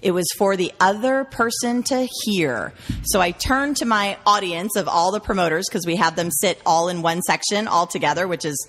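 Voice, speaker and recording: A woman with a lowish, slightly bright voice speaks at a moderate pace with few pauses as an interview guest. She trains people in referral marketing, telling stories emphatically and listing words in a conversational exchange, with long hall reverb on the recording.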